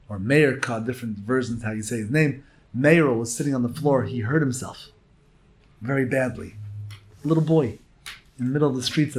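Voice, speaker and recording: A man teaching a Torah lecture as a rabbi, emphatic and swinging between hushed and loud phrases. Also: mid-range voice. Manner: slow, drawn-out emphasis.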